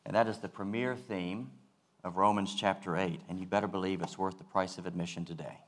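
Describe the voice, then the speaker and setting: A male pastor giving a sermon, earnest and measured, repeating key phrases for weight. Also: low voice, fairly even intonation, a bit bright.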